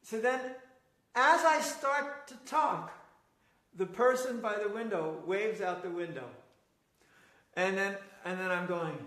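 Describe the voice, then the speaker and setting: Older American man, excitable storyteller, high voice, echoey room. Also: takes it slowly, long pauses. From United States. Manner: excited, acts out quoted voices. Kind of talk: casual storytelling conversation.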